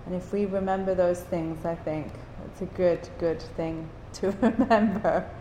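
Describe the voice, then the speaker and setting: A woman slowly and earnestly encouraging a women's group with a faith talk. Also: lowish voice, fairly even intonation, dark tone, roomy sound, big-room sound, a little hiss or hum, rough recording.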